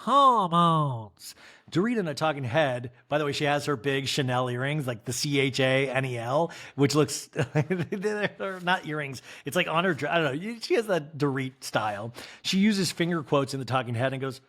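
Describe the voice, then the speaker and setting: A man's voice: fairly high pitch, normal speed, few pauses, fairly bright tone. A man hosting a podcast, recapping reality TV in a campy, theatrical way and mimicking the cast. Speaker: podcast host.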